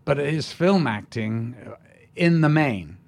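An older man from England, a guest in an interview, telling stories in an animated way. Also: mid-range voice, slow pace, creaky. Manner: animated storyteller, acts out quotes. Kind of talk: anecdotal interview chat.

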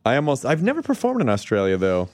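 A man who hosts a podcast, chatting casually with jokey deadpan asides. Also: mid-range voice, fast. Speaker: podcast host.

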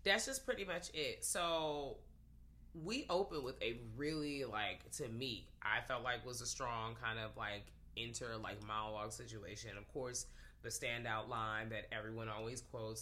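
A woman co-hosting a casual movie review chat, reacting with animated, dramatic flair. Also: very deep voice, normal speed. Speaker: podcast co-host.

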